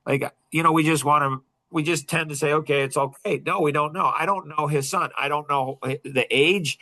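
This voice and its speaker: A middle-aged man leads a coaching group and tells a personal story, casual and animated, laughing often. His voice is fairly high in pitch.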